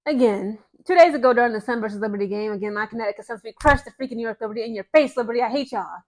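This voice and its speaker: A woman's voice: on the high side, fast talker. A woman ranting in casual sports commentary to her viewers, sarcastic and exasperated. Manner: mocks others in put-on voices.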